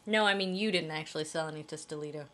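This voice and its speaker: A woman's voice: sits low, fast talker, fairly bright tone. Dry, teasing young woman. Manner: dry, teasing, matter-of-fact. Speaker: co-host of a reaction video. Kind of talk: casual live reaction chat. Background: television episode playing.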